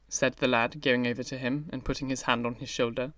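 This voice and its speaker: A man narrating a classic novel audiobook in a measured, even reading style. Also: medium pitch, no room sound, far from the mic. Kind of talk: scripted narration.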